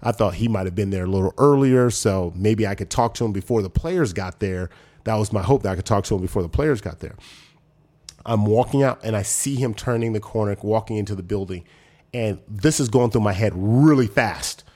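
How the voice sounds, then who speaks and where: 40s guy, ex football player, low voice, tells stories animated, does the voices. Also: brisk. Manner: animated, acts out quoted voices with big pitch jumps. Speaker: former pro football player, podcast guest. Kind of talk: casual storytelling chat.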